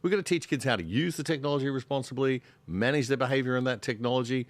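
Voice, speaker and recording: A man's voice: medium pitch, quick pace, no room sound. An Australian man speaking as a guest on a panel podcast, earnest and emphatic in his views. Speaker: podcast guest, show host.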